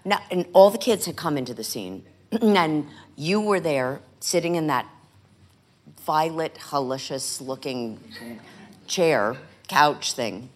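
An older woman on stage telling animated stories about acting work, often acting out quoted lines. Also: sits low, slow pace. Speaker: guest actress in a stage conversation. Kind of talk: conversational storytelling. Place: stage before a live audience.

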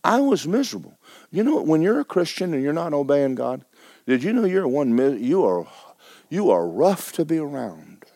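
A middle-aged man preaching a sermon as pastor, telling a personal story with stammering restarts and sudden swings between hushed and loud. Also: fairly high pitch, sing-song, normal speed, dry recording, studio quality.

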